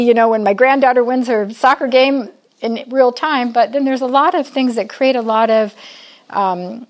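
Chatty older woman teaching Bible. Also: on the high side. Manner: chatty, asks the audience questions. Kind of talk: conversational Bible teaching to women.

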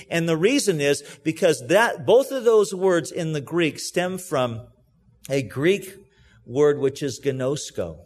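A man with a notably high voice preaches a sermon. He explains scripture earnestly, leaning hard on key words and then letting his voice sink to a quiet, intimate tone. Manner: earnest, emphatic, swings between loud stresses and hushed asides; explains and reads scripture aloud to a congregation. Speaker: pastor.

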